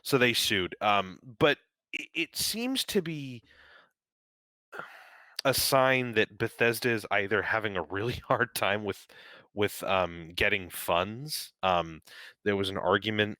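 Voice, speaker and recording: A man's voice: low voice, normal speed, bright, forceful tone, no room sound, studio quality. A man co-hosting a podcast, talking casually and at length, with many fillers and restarts and some casual swearing. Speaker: podcast co-host. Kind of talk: casual chat.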